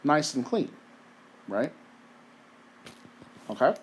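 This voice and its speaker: A man's voice: mid-range voice, animated, extremely slow. A man giving a recorded chemistry lecture in a conversational way, asking rhetorical questions and often checking in with "right?"; he has the hiccups. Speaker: chemistry teacher.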